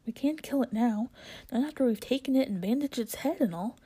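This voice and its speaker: A hearty red-haired dwarf with a brisk, exclaiming way of talking and a mellow, darker tone, as a woman reading the storybook puts him on. he's decent at heart and quick to scold. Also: a little high, expressive, slightly rough. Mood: indignant.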